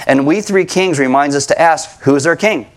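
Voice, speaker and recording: A middle-aged man preaching a sermon to his congregation, conversational and animated, asking rhetorical questions. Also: on the high side, moderate pace. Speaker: pastor. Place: church sanctuary with congregation.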